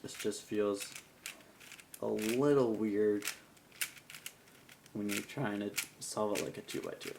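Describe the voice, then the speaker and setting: Male reviewer, gravelly and animated, casual rambling delivery, noisy recording. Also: lowish voice. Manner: rambling, chatty, self-mocking asides. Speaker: cube reviewer.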